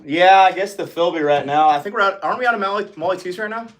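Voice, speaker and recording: A man's voice: high voice, quick pace, fairly bright tone. A man hosting a casual livestream chat, ranting with lots of swearing and laughing often. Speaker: livestream host.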